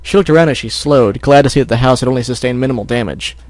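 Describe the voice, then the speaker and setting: A man's voice: mid-range voice, fast, a little mellow, dry recording. A man reading fan fiction aloud as an amateur audiobook, sometimes stumbling and correcting himself. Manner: narrates with stumbles and self-corrections.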